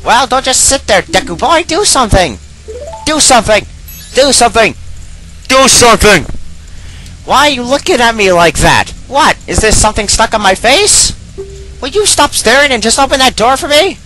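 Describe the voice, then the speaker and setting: A pushy young fairy girl barks orders in a high, lively voice, as a man raises his voice to play her. She is impatient and bossy, and her tone is bright and tense. She sounds like a game figure read aloud for a let's play. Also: fairly quick, faint music behind, exaggerated voice, rough recording. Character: bossy sharp-tongued young female fairy. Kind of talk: reading game dialogue aloud.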